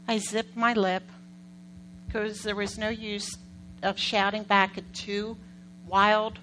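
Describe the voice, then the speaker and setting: A middle-aged woman preaching a sermon in a conversational style, telling animated stories, acting out quotes and putting questions to the congregation. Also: mid-range voice, slow pace, slight background noise, poor audio. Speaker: pastor.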